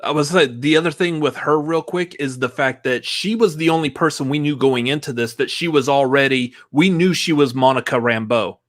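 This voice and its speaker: A man's voice: on the high side, fairly quick, few pauses, fairly bright tone, dry recording. Casting: male co-host, rambling theorist, dry close sound. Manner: rambling theorizing with restarts and laughs. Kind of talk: casual review chat.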